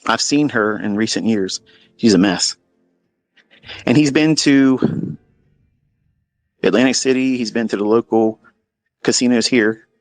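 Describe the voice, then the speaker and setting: A man's voice: mid-range voice, a little slow, pauses often, dry recording. A middle-aged man telling a casual story to his audience in a blunt, profane, mocking way. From Maryland, USA. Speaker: trading educator.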